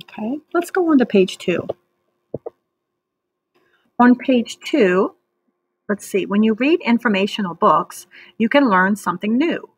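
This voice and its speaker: A woman teacher leading an online reading lesson for children, speaking patiently and clearly and stretching out words so children can clap the syllables. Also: mid-range voice, lively intonation, normal speed.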